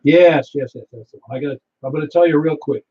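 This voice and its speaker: A man leads a friendly amateur radio net, swapping stories and laughing easily. His voice sits a little high and sounds husky. It comes through a dull, lo-fi radio signal. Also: fast talker. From Niagara Falls, New York. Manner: chatty, storytelling, laughs easily. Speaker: net control operator. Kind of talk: ham radio net chat. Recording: muffled lo-fi radio audio.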